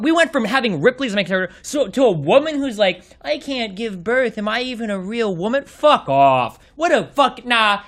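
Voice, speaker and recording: A man ranting on a live stream, profane and exasperated at every turn. His voice sits high and swings widely in pitch as he vents. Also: a bit bright. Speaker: streamer reviewing a film.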